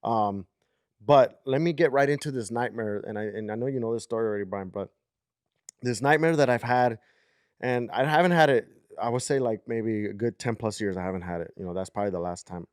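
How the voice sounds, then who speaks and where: A man's voice: on the low side, a little fast, smooth, no echo, clean studio sound. A man in his thirties co-hosting a podcast, telling a story in a rambling, casual way with many "like"s and "okay?"s. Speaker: podcast co-host.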